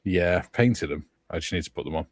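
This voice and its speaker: A man's voice: deep voice, fast, dry recording. A man hosting a casual video-call chat, easygoing and jokey, talking about his weekend and his hobby. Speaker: host.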